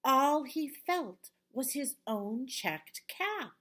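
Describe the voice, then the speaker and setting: Slow, expressive woman reading a picture book. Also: high voice. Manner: expressive, with hushed whispered asides. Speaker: storybook reader. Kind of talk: children's picture-book read-aloud.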